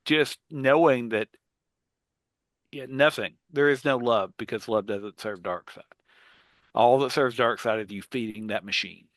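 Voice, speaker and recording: Bright-voiced man, rambling podcast chat. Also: medium pitch, measured pace, dry recording. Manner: rambling, many fillers and restarts. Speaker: podcast co-host. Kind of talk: casual panel chat.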